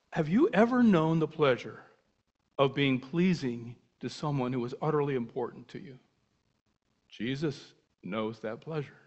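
An older man teaching a Bible class in a casual, animated way, asking many rhetorical questions and breaking off mid-sentence. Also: mid-range voice. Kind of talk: informal Bible teaching talk. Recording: muffled lo-fi recording.

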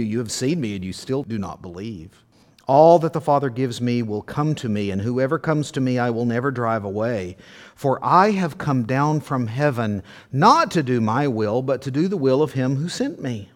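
A man preaching a sermon, reading scripture aloud with emphatic, animated delivery and acting out the quoted voices. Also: mid-range voice. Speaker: pastor.

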